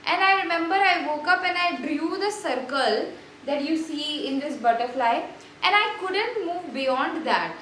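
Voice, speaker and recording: A woman's voice: sits high, expressive, unhurried, a bit bright, echoey room, a little hiss or hum, low-quality recording. A woman hosting a spiritual vlog, chatty and effusive, with many fillers and restarts. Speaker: spiritual channel host. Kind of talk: casual spiritual vlog talk.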